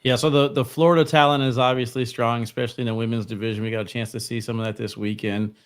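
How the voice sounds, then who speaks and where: A man co-hosting a podcast who asks questions in a relaxed, informal way. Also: medium pitch, fast talker, clean tone. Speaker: podcast co-host. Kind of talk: casual interview chat.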